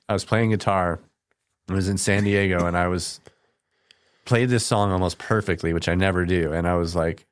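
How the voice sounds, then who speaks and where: Deep, flat-voiced veteran guest. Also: male voice, dry recording, studio quality. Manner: quiet, halting, earnest. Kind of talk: casual conversation.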